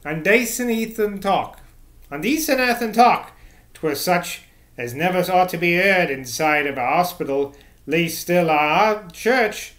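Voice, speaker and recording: A man's voice: high voice, unhurried, fairly bright tone. A man voicing a gossiping old village woman with a rustic dialect, shocked at what she overheard. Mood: scandalised. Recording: echoey room.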